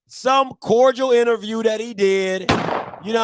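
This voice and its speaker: A man's voice: very high-pitched, slow pace, a bit bright, dry recording. A male show host ranting animatedly in a casual morning-show talk, repeating his points and mocking others in put-on voices.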